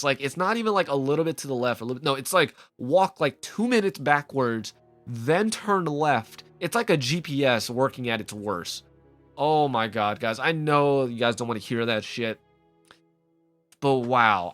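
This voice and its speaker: Rambling young-sounding man with faint music. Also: medium pitch. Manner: rambling, animated, frequent "like" fillers. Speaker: let's play host. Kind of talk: casual gameplay commentary.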